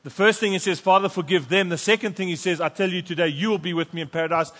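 A pastor preaching a sermon and reading scripture aloud with fervent emphasis in a church. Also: male voice, sits high, fast talker, a bit bright. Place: church sanctuary. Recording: long church reverb.

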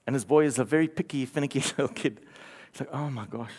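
A man's voice: mid-range voice, quick pace, a little mellow, breathy edge. A man preaching a sermon, telling a story with playful asides and light laughter. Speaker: pastor.

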